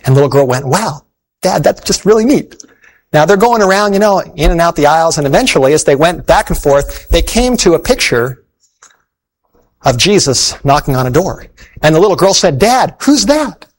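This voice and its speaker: A man's voice: fairly high pitch, expressive, a little fast, poor audio. A man preaching, telling an illustration story in an earnest, folksy way before calling listeners to faith.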